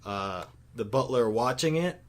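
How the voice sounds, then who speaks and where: A man's voice: mid-range voice, animated, a little slow. Man picking apart story details. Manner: analytical, pointing out story details. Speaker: podcast co-host. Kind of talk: casual podcast chat.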